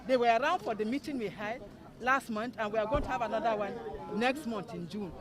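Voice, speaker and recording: A woman with a Nigerian accent, a government education director, calmly explaining official steps to protesting students outdoors. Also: on the high side. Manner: measured, bureaucratic explanations. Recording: outdoor crowd noise.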